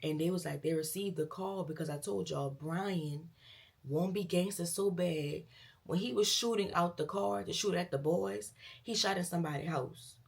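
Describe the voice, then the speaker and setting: Low, gravelly young woman telling a story. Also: moderate pace. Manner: animated retelling with quoted dialogue, addresses viewers as girl and y'all. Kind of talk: casual storytime.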